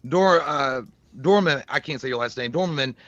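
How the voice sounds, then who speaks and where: A man's voice: mid-range voice, normal speed, a bit bright, no echo. Southern male co-host, casual and crude, lo-fi dull mic. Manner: swears freely, laughs often, slips into impressions. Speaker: podcast co-host. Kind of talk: casual chat. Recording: slightly dull lo-fi.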